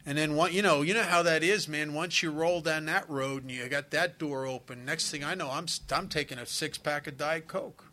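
A man's voice: on the high side, moderate pace, few pauses, bright, forceful tone. A middle-aged man telling a candid, confessional recovery story at a meeting. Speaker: recovering alcoholic sharing his story.

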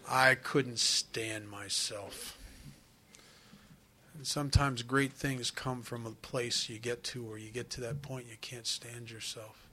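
A man's voice: medium pitch, steady tone, slow pace, pushed and bright, slight background noise. A middle-aged man telling a candid, confessional recovery story at a meeting. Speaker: recovering alcoholic sharing his story.

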